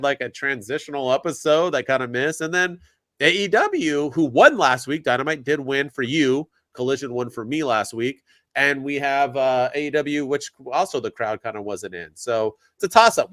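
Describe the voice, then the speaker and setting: A man's voice: mid-range voice, pushed and bright, no room sound. An upbeat man with a mid-range voice leads the segments of a casual podcast. He talks emphatically and steers the conversation along. His voice is recorded dry and close. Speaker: podcast co-host. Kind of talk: casual wrestling review chat.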